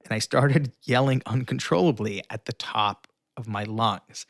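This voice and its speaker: A young man, a guest in an interview, telling a story with lively animation and acting out the lines of the people in it. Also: medium pitch, unhurried, creaky, no room sound, clean studio sound.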